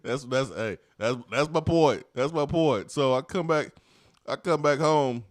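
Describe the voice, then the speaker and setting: A man's voice: medium pitch, unhurried, dry recording, clean studio sound. A man co-hosting a sports radio show, playful and laughing often, repeating catchphrases. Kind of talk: casual sports talk chat.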